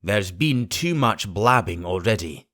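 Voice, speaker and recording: Man doing a stern, clipped sea captain for a storybook reading, lowish voice, dry close sound. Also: animated, fairly bright tone, no room sound. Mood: firm. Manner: clipped, deliberate, firm. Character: stern blunt middle-aged male sea captain.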